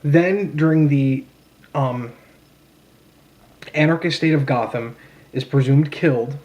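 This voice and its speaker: A man's voice: medium pitch, slow pace, darkish tone. A young man ranting casually about a film, blunt and sarcastic, swearing freely with many fillers and restarts. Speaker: vlogger reviewing a film. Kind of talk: casual rant.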